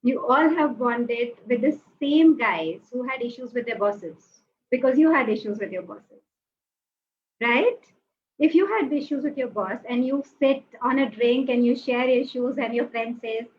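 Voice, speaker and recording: A woman giving a lively webinar talk, acting out quoted reactions and asking the audience to join in. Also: a little high, unhurried. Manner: animated, acts out quoted reactions, asks the audience. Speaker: webinar speaker. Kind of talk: lively motivational talk with acted asides. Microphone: webinar call mic. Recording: slightly dull audio with faint noise.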